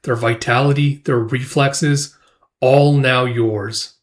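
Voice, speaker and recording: A man's voice: medium pitch, lightly acted. Man reading as a solemn ancient sea god. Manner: calm, measured pronouncements.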